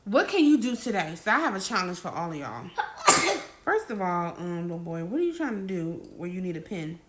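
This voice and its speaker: A woman's voice: lowish voice, big pitch swings, brisk, slight background noise. A woman giving a casual faith-coaching talk, bold and playful, acting out little dialogues.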